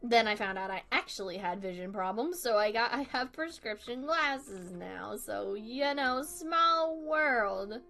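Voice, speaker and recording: A woman with a fairly high, animated voice streams herself drawing, chatting casually with viewers at a slightly slow pace with a creaky, sharp tone and barely any pauses. She's giggly and rambling, often laughing at herself, with faint music in the background.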